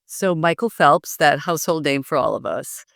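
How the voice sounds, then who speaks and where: A middle-aged woman coaching public speaking, lively and often laughing as she demonstrates. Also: low voice, moderate pace, gravelly, no echo, clean studio sound. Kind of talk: instructive interview talk.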